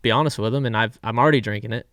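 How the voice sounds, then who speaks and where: Guest driver: man in his thirties from Florida, candid and relaxed, mid-pitched voice, dry close mic. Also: rapid-fire, dry recording. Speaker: guest race car driver. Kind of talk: casual storytelling.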